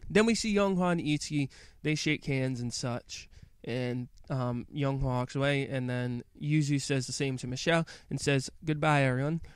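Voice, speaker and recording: Man reviewer, casual rambling episode recap, smooth voice, dry close sound. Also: medium pitch, normal speed, few pauses, no room sound. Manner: rambling, hesitant, many fillers. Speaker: anime reviewer.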